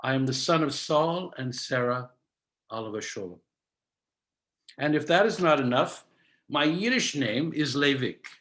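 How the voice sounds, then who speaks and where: Speaking on a video call, a Canadian man in his seventies who works as a cantorial soloist delivers a measured, instructive story peppered with Yiddish. His voice leans high and a bit bright.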